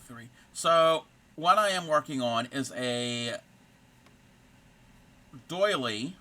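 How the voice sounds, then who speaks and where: Bright, chatty crochet streamer man. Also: mid-range voice. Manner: chatty and rambling, full of puns and references. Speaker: crochet streamer and fiber artist. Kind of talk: casual live-stream chat.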